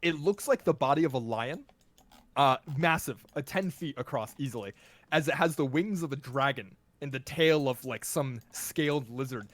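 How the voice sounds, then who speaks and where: A man runs a tabletop game as its game master, narrating in a relaxed, rambling way full of fillers. His voice sits at an ordinary middle pitch. The sound is dry and close, with no room around it. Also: normal speed, dry recording. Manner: laid-back, filler-heavy narration with frequent laughs.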